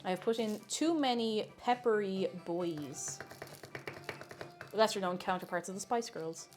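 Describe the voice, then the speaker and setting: A woman's voice: mid-range voice, a little slow, over music. A young Irish woman streaming herself cooking, chatting casually and playfully with viewers, joking at her own expense and laughing often. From Ireland.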